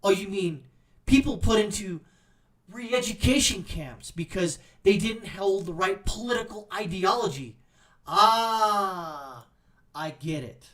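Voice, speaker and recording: A man's voice: high-pitched, expressive, unhurried, distant mic. A man hosting political commentary, ranting in a sarcastic, angry, mocking way as he reacts to posts.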